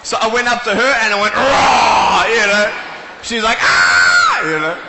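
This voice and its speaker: A man's voice: high-pitched, brisk, shouting, very noisy. A man speaking to a live audience as a motivational speaker, telling playful stories and jokes. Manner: joking, playful storyteller. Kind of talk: comic talk to a live audience. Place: large hall with an audience. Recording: echoey hall with long reverb.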